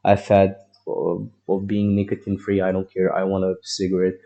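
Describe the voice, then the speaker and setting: A man's voice: low voice, completely flat delivery, normal speed, vocal fry, mellow, muffled recording. A young man telling a long personal story in a rambling, profane way, full of fillers and restarts. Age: young adult. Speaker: vlogger.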